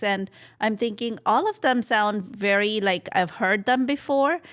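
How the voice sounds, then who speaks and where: A woman's voice: mid-range voice, moderate pace. A middle-aged woman from Punjab, India, animatedly telling a family story in casual chat and acting out the dialogue. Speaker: podcast co-host.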